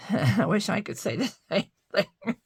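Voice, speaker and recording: A woman's voice: mid-range voice, big pitch swings, unhurried, slight background noise. An older woman chatting through a card-making tutorial, talking to her viewers and murmuring little asides as she works. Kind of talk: casual craft tutorial.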